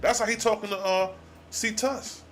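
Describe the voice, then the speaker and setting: A man hosting a live scripture study, reading archaic verses slowly and then explaining them in slangy casual talk. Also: high voice, steady tone, a bit bright, slight background noise. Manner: alternates slow archaic reading with slangy commentary.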